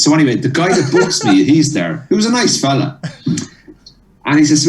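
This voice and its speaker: A man's voice: mid-range voice, brisk, echoey room, far from the mic, slight background noise, rough recording. A male comedian telling a story in a casual interview, acting out the dialogue as he goes. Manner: animated storyteller, acts out dialogue. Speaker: comedian guest.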